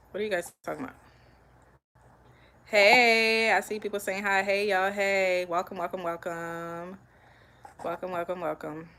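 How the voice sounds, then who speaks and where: A woman's voice: fairly low pitch, a bit bright, rough recording. A young woman from Liberia, chatting casually as she hosts a live cooking stream at home and answers viewer comments while she cooks. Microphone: phone.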